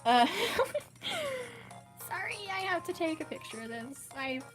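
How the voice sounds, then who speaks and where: A woman's voice: very high-pitched, very animated, slow pace, over music. A young woman chatting casually to viewers during a game livestream, rambling and apologetic, from home. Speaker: streamer.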